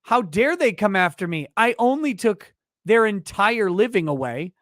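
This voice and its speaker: A man's voice: high-pitched, very animated, moderate pace, fairly bright tone, dry recording. A self-righteous litigant whines in outrage at being sued, as a man mocks them. The sarcastic whine is drawn out and heavy with mock indignation. The sound is dry and close, with no room around it. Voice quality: mocking, whining sarcasm.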